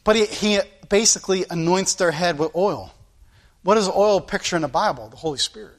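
High-voiced preacher. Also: male voice, expressive, normal speed. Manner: earnest preaching with sound-effect asides. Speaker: pastor. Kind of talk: sermon. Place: church.

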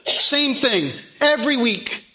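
A man preaching as pastor, loud and animated, repeating his phrases. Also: extremely high pitch, slow pace. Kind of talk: sermon.

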